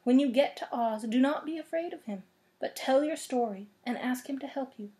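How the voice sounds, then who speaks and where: Woman reads a kind little old witch, lifted high and sweet, solemn and motherly, storybook voice. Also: normal speed, dark tone, lightly acted. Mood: kindly.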